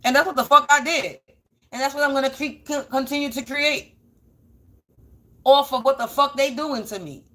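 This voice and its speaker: A woman's voice: sits high, normal speed, pauses often, fairly bright tone. Blunt, profane woman reader. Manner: repeats phrases for emphasis. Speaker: spiritual energy reader. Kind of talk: casual spiritual reading monologue.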